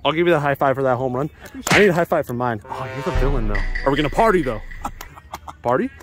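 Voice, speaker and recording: A man vlogging from an outdoor softball field, joking with teammates and yelling at big plays. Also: mid-range voice, expressive, fast, over music. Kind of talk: excited play-by-play banter.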